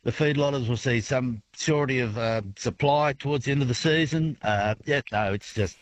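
Speaking at a medium pitch with an Australian accent, a grain farmer gives a radio interview in a relaxed, hesitant manner full of restarts. The recording has no room sound but the audio is poor.

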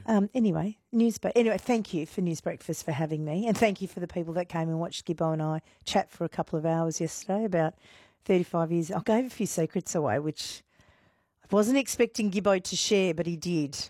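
A woman's voice: lowish voice, fairly quick, mellow, no room sound. Brief: Australian woman radio host, chatty and easygoing, close dry studio mic. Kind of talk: casual radio chat. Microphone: studio microphone.

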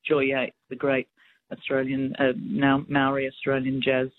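A woman's voice: rumbling low, monotone, measured pace. A woman phones in to a radio show and talks in a chatty, rambling way. Her voice comes through a thin, tinny phone line with a faint hiss behind it. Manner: chatty, rambling name-dropping. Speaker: caller.

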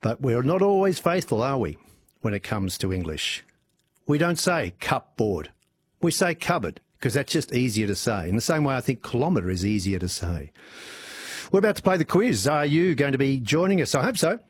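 Man, Australian accent, radio host, husky tone, dry studio sound. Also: mid-range voice, sing-song, moderate pace, no room sound. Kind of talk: evening talk radio chat. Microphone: studio microphone.

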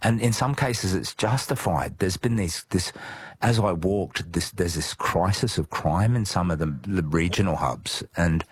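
A man's voice: low voice, slightly rough. An Australian man talking earnestly and casually as a guest, calling people mate and restarting his sentences often. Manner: earnest, matey, halting restarts. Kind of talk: casual conversation.

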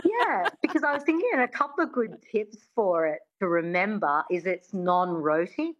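A woman who grew up in Australia works as a dialect coach, breaking sounds down and saying them slowly for her student. The recording is a little dull and muffled. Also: medium pitch, sing-song. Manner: demonstrative, slows down to model sounds. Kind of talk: teaching an accent in an interview.

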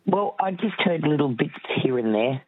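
A woman's voice: low-pitched, animated, normal speed, breathy edge, dry recording. A woman calling in to a radio quiz, chatty and easygoing. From South Australia. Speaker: caller. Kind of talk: casual radio call-in chat. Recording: thin telephone line.

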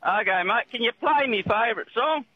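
A radio-show caller with an Australian accent speaks fairly quickly in a very high-pitched, expressive voice. Laconic and plain-spoken, he calls everyone mate. The dry recording is a dull phone line with faint hiss.

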